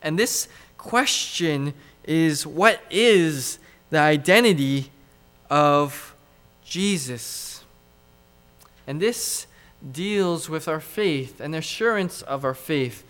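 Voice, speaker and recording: Slow, emphatic preacher man. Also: on the high side, expressive, fairly bright tone, clean tone. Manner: measured, emphatic preaching with repetition. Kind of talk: expository sermon.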